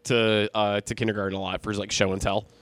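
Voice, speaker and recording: A man's voice: fairly low pitch, quick pace, no echo. A man in his thirties, a bit tipsy, telling rambling, profane stories in a casual chat. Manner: rambling, profane, animated storytelling. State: tipsy from drinking.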